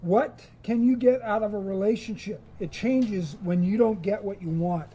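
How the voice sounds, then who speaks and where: Man, chaplain, chapel sermon, warm soft tone, plain teaching delivery. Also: high-pitched, moderate pace, breathy edge, soft background music. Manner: plain teaching tone, addressing the group directly.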